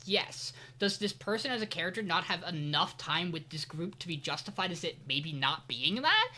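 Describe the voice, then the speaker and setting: A woman co-hosting a casual anime podcast, weighing her points out loud with a wry, measured manner. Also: fairly low pitch, very animated. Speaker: podcast co-host. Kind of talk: casual anime review chat.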